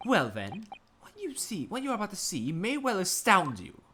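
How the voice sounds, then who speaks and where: Streamer voicing a showy self-important detective, lively swoops, game music behind. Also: mid-range voice, normal speed, voice pushed up. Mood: grandiose. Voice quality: pompous, theatrical. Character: pompous boastful male great detective.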